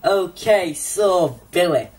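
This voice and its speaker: A man's voice: high voice, lively intonation, slow, darkish tone. A young man hosting a homemade comedy talk show, hesitant and full of ums. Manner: hesitant, lots of ums and restarts. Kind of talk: amateur comedy chat.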